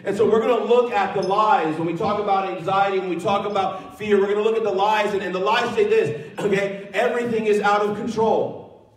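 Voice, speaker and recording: Pastor, male, high-pitched, earnest sermon delivery with restarts, recorded from a distance in a very echoey church hall. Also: steady tone, fairly quick, few pauses. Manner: earnest preaching with repeated phrases and restarts. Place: church sanctuary.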